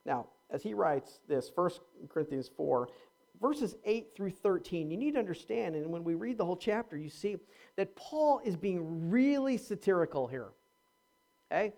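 A man preaching a sermon as a pastor, animated, swinging between loud and hushed, with stumbling repeats when he gets going. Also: high-pitched, normal speed, gravelly.

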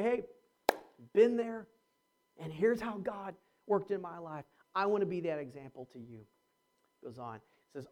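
A man preaching to his congregation with strong swings in energy. He rises into loud urging, then drops low and quiet, and he turns to his listeners directly with calls and challenges. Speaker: pastor. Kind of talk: sermon.

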